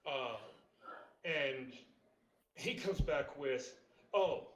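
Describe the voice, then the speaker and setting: A man's voice: mid-range voice, normal speed. Man chatting casually in an echoey room. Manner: relaxed, swears lightly, tells anecdotes. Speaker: podcast guest. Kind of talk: casual chat. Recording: roomy echo.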